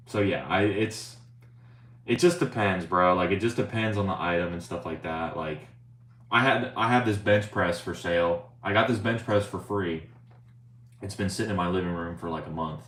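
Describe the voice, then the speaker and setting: A man's voice: low voice, moderate pace, fairly bright tone. A young man chatting casually on a live stream, rambling and swearing, often saying "bro" and reading viewer chat aloud. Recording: roomy, faint ambient noise.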